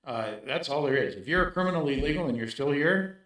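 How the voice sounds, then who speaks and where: A man's voice: a little high, animated, quick pace, a bit bright. Emphatic man in a very echoey room. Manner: emphatic, repeats points with "right?". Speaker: guest. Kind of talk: casual interview talk.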